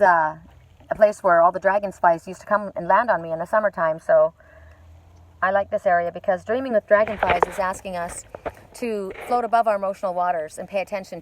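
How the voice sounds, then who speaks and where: A woman hosting a live oracle card reading stream, rambling and chatty, with gentle spiritual encouragement, recorded outdoors at a lakeside cove. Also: on the low side, noisy background. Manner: rambling, chatty, with many fillers and restarts. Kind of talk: casual live-stream chat with viewers.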